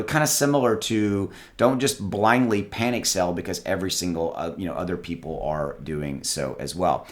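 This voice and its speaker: A man's voice: on the low side, fairly bright tone. A man vlogging casual investing advice to his viewers, talking loosely with many restarts and calling them guys. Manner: conversational, repeats words, addresses viewers as guys. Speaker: crypto YouTuber. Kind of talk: casual direct-to-camera advice. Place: home with dogs.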